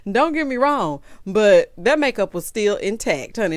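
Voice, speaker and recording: A woman's voice: mid-range voice, expressive, moderate pace, no echo, clean studio sound. A woman hosting a casual reality-TV recap, sassy and gossipy, laughing often as she talks.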